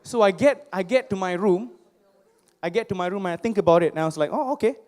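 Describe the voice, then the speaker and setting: A young man, giving a personal storytelling speech to a live audience, animated and self-mocking, often asking the crowd questions. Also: high voice, fast talker. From Singapore. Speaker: motivational speaker. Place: stage before a live audience.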